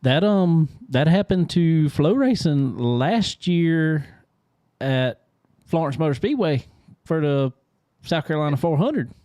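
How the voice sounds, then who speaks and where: A man's voice: a little high, expressive, slow pace, mellow. A man co-hosting a casual chat, asking follow-up questions and laughing easily. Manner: easygoing, laughs often, asks follow-up questions. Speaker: podcast co-host.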